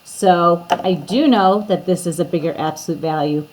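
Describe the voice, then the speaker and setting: A woman's voice: lowish voice, normal speed, hardly any pauses, darkish tone, a little hiss or hum, rough recording. A woman teacher explaining math steps to her students in a recorded lesson, talking to them directly.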